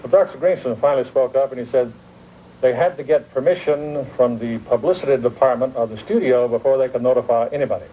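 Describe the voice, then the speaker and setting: A man's voice: medium pitch, fast talker, phone-quality sound, a little hiss or hum. An older man, a retired police officer, giving a plain, matter-of-fact account in an interview. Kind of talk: interview testimony.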